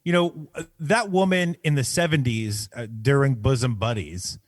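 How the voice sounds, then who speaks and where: A man's voice: mid-range voice, moderate pace, dry recording. A man co-hosting a movie podcast, chatting casually and reading a prepared bit in a mock-formal tone on a close mic. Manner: mock-formal delivery when reading his segment. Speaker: podcast co-host.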